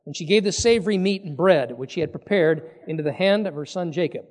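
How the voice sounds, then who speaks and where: A man preaching with a high, very lively voice that swoops up and down as he acts out the people in the passage. His words ring out into a long, echoing hall. He talks in the plain way of a pastor to his congregation. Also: fast. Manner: animated, acts out quoted speakers with voice changes. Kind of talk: sermon reading and explaining scripture.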